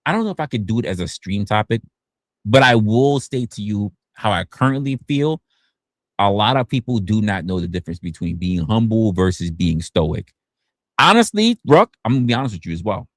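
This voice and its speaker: A man with a low voice that swings widely up and down as he hosts a casual livestream from home. He talks loosely and profanely, tripping over words and starting over. The sound is close and dry, with no room around it. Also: fairly quick, no room sound. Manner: animated, swinging pitch up and down. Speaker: livestream host.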